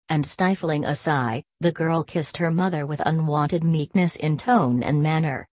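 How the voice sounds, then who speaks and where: Woman reading a storybook, low voice, dry close sound, steady pace. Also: unhurried, few pauses, no room sound. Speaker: narrator. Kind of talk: scripted storybook narration.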